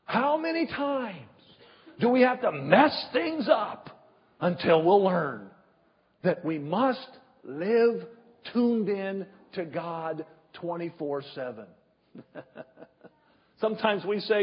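A male pastor delivering a sermon with emphatic rhetorical questions and drawn-out pauses, his voice husky. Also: sits high, very animated. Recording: dull echoey hall.

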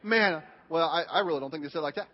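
A man preaching a sermon, leaning hard on drawn-out stresses and repeating words for emphasis. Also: a little high, in a large hall, highs cut off. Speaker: pastor.

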